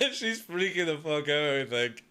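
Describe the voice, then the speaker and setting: A man reacting casually on a live stream, excitable, swearing freely and laughing often. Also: medium pitch.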